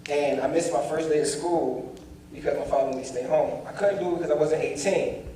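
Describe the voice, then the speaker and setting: A young man, storytelling to a seminar crowd with a fairly high, lively voice. He acts out the voices in his story and speaks straight to the audience. The sound booms through a large, very reverberant performing arts hall, picked up from far off with faint ambience underneath. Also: a little fast, slight background noise. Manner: animated, acts out dialogue, addresses the crowd directly. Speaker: motivational speaker. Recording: echoey hall, distant mic, faint ambience.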